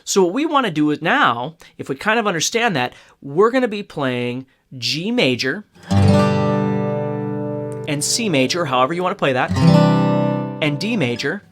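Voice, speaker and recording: A man's voice: fairly high pitch, sing-song, normal speed, long pauses. A man giving a casual, step-by-step guitar lesson, often checking in with "okay?". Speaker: guitar teacher. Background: acoustic guitar playing.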